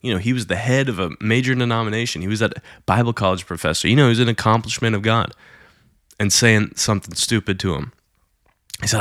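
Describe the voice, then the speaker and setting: A man's voice: fairly low pitch, fast talker, fairly bright tone, no echo, clean studio sound. A man casually retelling a Christian miracle story in a conversational way, with fillers and quoted lines acted out.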